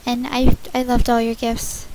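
A female channel host chatting excitedly and thanking viewers by name during a casual gift-opening vlog. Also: a little high, measured pace, a little hiss or hum, low-quality recording.

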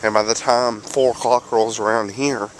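A man's voice: medium pitch, fairly even intonation, normal speed. A man, rambling and correcting himself as he vlogs outdoors on a handheld camera. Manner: rambling, self-correcting, chatty. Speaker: vlogger. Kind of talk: rambling casual vlog while walking outdoors. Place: outdoors on a road near home, windy. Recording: faint wind and passing cars.

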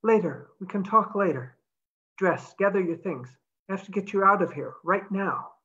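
A woman's voice: mid-range voice, lively intonation, moderate pace, a bit bright, highs cut off, pitched above the performer's own voice, lightly acted. A woman reading as a fierce young woman. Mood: urgent. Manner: urgent, pleading.

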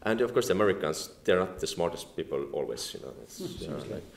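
A man from Estonia with an Estonian accent and non-native English, giving a speech at a formal dinner with many halting "like"s and "uh"s. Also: sits low, animated, creaky. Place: banquet room at a formal dinner. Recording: echoey dining hall.

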